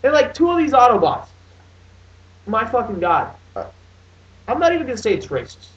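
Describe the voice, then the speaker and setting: A young man in his late teens rants through a casual movie review in an extremely high voice whose pitch swoops wildly, at a moderate pace. He's profane and exasperated, swearing often and rambling with many restarts. The recording sounds dull and lo-fi, with him distant from the mic.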